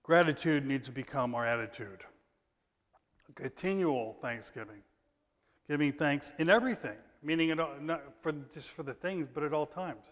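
A man preaching a sermon in a conversational way, reading scripture loudly and emphatically, then dropping to quiet asides. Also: a little high, normal speed. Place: church sanctuary. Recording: long church reverb.

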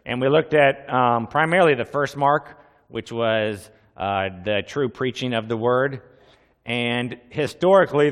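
Earnest male pastor in a reverberant hall. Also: medium pitch. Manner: earnest, conversational preaching with asides and repeated questions. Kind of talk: sermon with opening prayer.

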